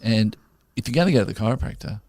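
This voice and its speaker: A gravelly-voiced Australian man telling a meandering anecdote on a podcast, often breaking off and starting his sentences again. The sound is dry and close, with almost no room around him. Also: lowish voice, animated, fast, a little mellow, no room sound. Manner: rambling, self-interrupting storyteller. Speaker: podcast co-host. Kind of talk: casual chat.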